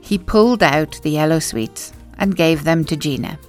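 A woman narrating a children's storybook in an expressive, clear, unhurried way. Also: sits low, faint music behind.

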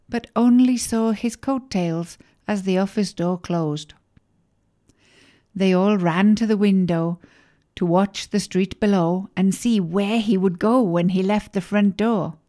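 A woman narrating a children's story in a gentle, clear and deliberate way. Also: mid-range voice.

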